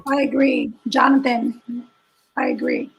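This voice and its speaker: A woman's voice: high voice, fairly even intonation, a little slow, vocal fry, rough recording. A woman co-hosting a podcast in casual chat, speaking earnestly and reflectively with occasional jokes. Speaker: podcast co-host.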